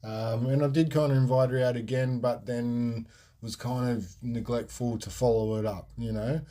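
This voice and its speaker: A man's voice: medium pitch, steady tone, normal speed, dark tone. A young man, hosting a podcast and telling a personal story in a frank, rambling way, full of fillers and restarts. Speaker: podcast host. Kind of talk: casual storytelling monologue.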